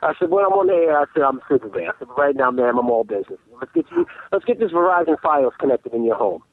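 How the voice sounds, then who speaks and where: A man's voice: fairly high pitch, very animated, fast. A man calling in as a guest who tells stories animatedly and keeps restarting his sentences. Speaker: call-in guest. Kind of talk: casual phone interview. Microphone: telephone. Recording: tinny phone line.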